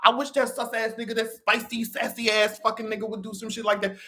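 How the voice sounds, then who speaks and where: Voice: little pitch movement, fast, pushed and bright, close to an everyday voice. A streamer putting on a mocking voice for flustered, hypocritical men who pretend to be shocked, in an overdramatic, panicky way. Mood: mock outrage. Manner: shrill mock panic, overdramatic.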